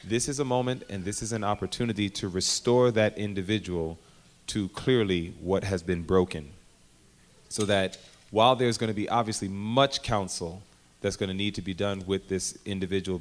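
A man with a low, deep voice answering a question on a panel. He speaks carefully and deliberately, and slows down to recite scripture in old formal wording.

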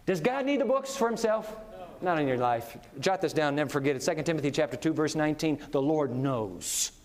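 A man preaching a sermon in a lively, conversational style, chuckling often as he goes. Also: a little high, a little fast. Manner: animated, conversational, laughs often. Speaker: pastor. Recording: long reverb of a big hall.

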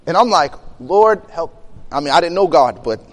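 A young man telling a personal story in an animated way, acting out the quotes and laughing between lines. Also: fairly high pitch, fast talker, in a large hall. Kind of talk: storytelling talk.

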